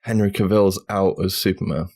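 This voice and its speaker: A low-voiced man from the UK hosts a casual gaming podcast, keeping the segments moving. He trades loose, sweary banter with his co-hosts. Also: fairly even intonation, normal speed, darkish tone. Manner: banter, swears freely, runs the show segments. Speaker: podcast host.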